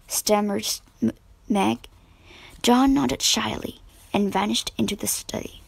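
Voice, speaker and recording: Woman, storybook narrator, fairly high, close and dry. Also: gravelly, a little mellow, no echo, low-quality recording. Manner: slow, measured reading. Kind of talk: storybook read-aloud.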